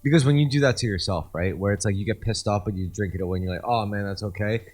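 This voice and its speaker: A man's voice: fairly low pitch, animated, very fast, a little mellow, slightly rough. A young man co-hosting a casual podcast chat, telling rambling stories and quoting other people animatedly. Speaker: podcast co-host.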